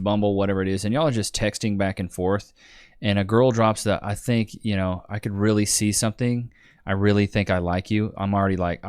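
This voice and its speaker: A man's voice: on the low side, a little mellow, smooth, no echo, clean studio sound. A man hosting a reaction video, mocking the clips in casual slang.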